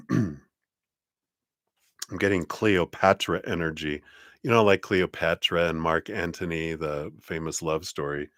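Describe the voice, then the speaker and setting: Deep-voiced chatty tarot reader man. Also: steady tone, normal speed, a bit bright, no room sound, studio quality. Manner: chatty, laughs often, many fillers. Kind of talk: live-streamed tarot reading.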